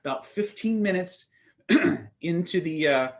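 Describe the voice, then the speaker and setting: A man's voice: sits high, lively intonation, measured pace. Emphatic man teaching a seminar. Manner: emphatic, direct, asks rhetorical questions. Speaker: influence and communication trainer.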